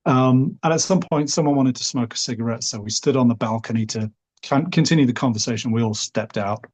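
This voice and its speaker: Husky Liverpool man telling a story. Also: mid-range voice, fairly quick, darkish tone. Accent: Liverpool English. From Liverpool, England. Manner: rambling, hedges often with "sort of" and "you know". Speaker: podcast guest. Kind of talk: relaxed storytelling.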